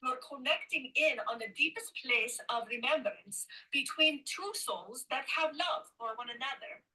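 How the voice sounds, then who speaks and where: A woman channeling a female Pleiadian light being who teaches gently, humming "mm" and saying "you see" as she searches for words. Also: high-pitched, unhurried, far from the mic, heavily acted, low-quality recording. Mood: earnest. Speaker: trance channel.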